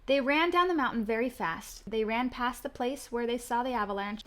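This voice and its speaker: A mother reading a children's storybook aloud in a gentle, expressive way. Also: fairly high pitch, moderate pace. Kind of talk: children's book read-aloud.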